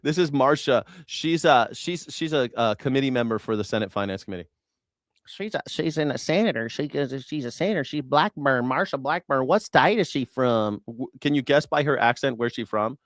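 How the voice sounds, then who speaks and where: A man's voice: medium pitch, lively intonation, fairly quick, fairly bright tone, no room sound. Sarcastic, profane man, dry close sound. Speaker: host. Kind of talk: news reaction commentary.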